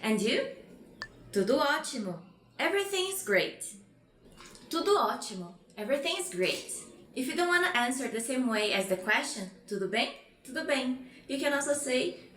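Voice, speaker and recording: High bright Brazilian teacher, echoey room. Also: female voice. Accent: Brazilian Portuguese. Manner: slows down to spell out phrases and repeats them. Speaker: Portuguese teacher. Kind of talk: bright lesson presentation.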